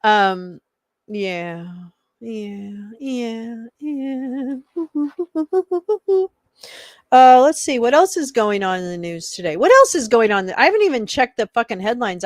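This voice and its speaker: A woman's voice: medium pitch, no echo, studio quality. A woman hosting a live stream, rambling through casual commentary, swearing freely and laughing often. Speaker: livestream host.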